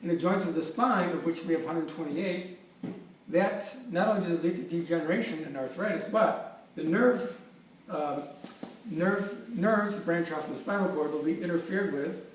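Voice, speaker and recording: Here a man in his fifties, a chiropractor, speaks at a normal pace in a somewhat high voice. He's presenting with props in an upbeat, playful way and often starts his sentences over. The audio has room echo, a far-off microphone, and a little noise.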